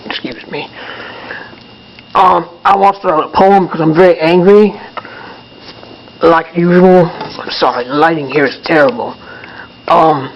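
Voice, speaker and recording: A man's voice: on the high side, measured pace, pauses often, lo-fi sound, slight background noise. A man voicing a grumpy male puppet who rants angrily in a puppet show monologue, with apologetic asides. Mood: angry. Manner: angry ranting, apologetic asides.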